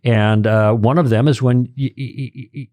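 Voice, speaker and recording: A man's voice: mid-range voice, fairly even intonation, normal speed, warm tone, dry recording. A man, a guest on a podcast, explaining his points in an emphatic, lecturing way with stressed key words. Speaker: podcast guest, Christian apologist. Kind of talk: conversational explaining.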